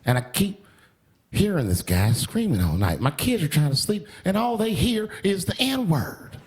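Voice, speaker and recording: A man playing a complaining rural neighbor kept awake at night, in a lower voice. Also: big pitch swings, moderate pace, a little hiss or hum. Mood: grumbling. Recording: broadcast with audience laughter.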